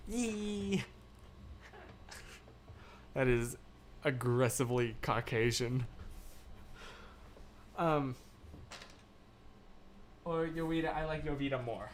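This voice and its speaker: A man's voice: mid-range voice, steady tone, takes it slowly, long pauses, slight background noise. A young American man in his twenties hosting a live stream, chatting casually and rambling with lots of fillers while reading out viewer comments. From United States. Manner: rambling and chatty, many fillers, laughs often. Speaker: livestream host.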